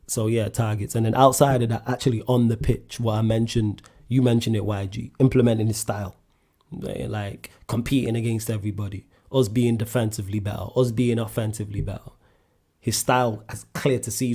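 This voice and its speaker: A man hosts a solo sports Q&A show in casual chat, speaking bluntly and with animation. His pitch climbs sharply whenever he drives a point home.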